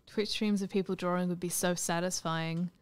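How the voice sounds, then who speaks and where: Brief: chatty woman on a game stream, very smooth clear voice, dry close sound, quick to laugh. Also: lowish voice, fairly even intonation, dry recording. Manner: chatty, laughs often, swears freely. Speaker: streamer co-host. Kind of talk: casual chat over gameplay.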